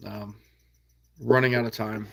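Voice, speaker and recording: A man's voice: lowish voice, little pitch movement, unhurried, vocal fry. A man with an American Midwest accent hosting a casual livestream, reading out viewer comments in an easygoing, folksy way with frequent chuckles. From Iowa.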